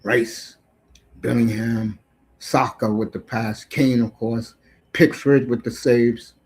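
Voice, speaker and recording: A man's voice: mid-range voice, steady tone, slow pace, rough recording. Brash profane middle-aged man ranting. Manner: brash, profane, swinging between shouts and mutters. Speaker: sports talk show host. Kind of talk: casual sports rant.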